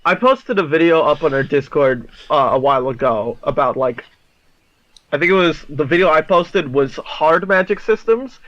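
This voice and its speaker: A young man in casual podcast chat, excitable and swearing freely. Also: fairly high pitch, normal speed, no room sound, lo-fi sound. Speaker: podcast co-host.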